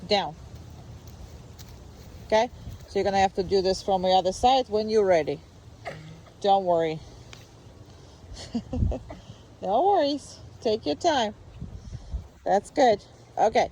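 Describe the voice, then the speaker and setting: A dog trainer giving a live training lesson outdoors, mixing short commands with calm explanations and sing-song praise. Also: medium pitch. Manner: brisk short commands mixed with coaching explanations.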